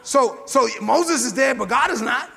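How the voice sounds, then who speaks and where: A man with a very high, gravelly voice delivers a sermon that keeps rising to shouts. His tone is bright and husky, and his words echo through a hall with a long reverb. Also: animated, a little slow, a faint crowd. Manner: call-and-response preaching, often rising to shouts. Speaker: preacher.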